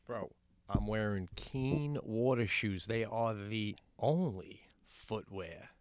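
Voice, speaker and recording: A man co-hosting a podcast, telling a comedic story in casual chat. He talks animatedly, swears freely and jumps into high, excited outbursts. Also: slow pace, no room sound. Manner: swears freely, says "bro". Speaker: podcast co-host.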